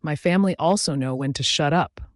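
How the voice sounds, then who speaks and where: A man's voice: a little high, a little fast, no room sound, studio quality, close to an everyday voice. A man voicing a rich young husband, curt and bitter, reading the role in an audiobook.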